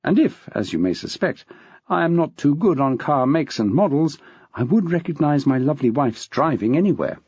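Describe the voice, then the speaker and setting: A man's voice: on the high side, sing-song, normal speed, darkish tone, breathy edge, no echo. A man voicing a dry, witty older male schoolteacher with theatrical quips. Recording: dull, dry.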